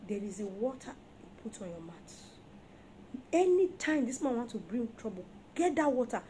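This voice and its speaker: A woman's voice: a little high, very animated, normal speed, mellow, a little hiss or hum. A woman voicing a commanding male traditional healer who issues firm instructions.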